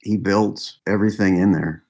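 A man with a very deep voice tells a meandering story in relaxed interview chat. He laughs often and circles back on his own sentences. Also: moderate pace. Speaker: musician guest.

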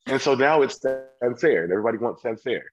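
A man from California, a sommelier guest, chatting casually and telling animated stories, acting out customers' voices. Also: medium pitch, quick pace, muffled recording, faint music behind. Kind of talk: casual chat.

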